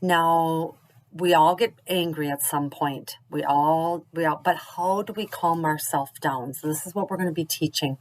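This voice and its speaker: A woman with a somewhat low voice, speaking to parents as an early childhood teacher. She talks gently and encouragingly, slowly and clearly, as if in a short instructional video. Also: rough recording.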